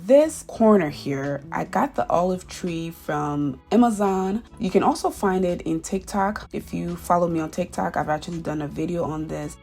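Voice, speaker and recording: Chatty woman with a gravelly voice. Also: low-pitched. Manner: chatty, repeats words for emphasis. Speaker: home decor vlogger. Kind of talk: casual voice-over vlog. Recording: soft background music.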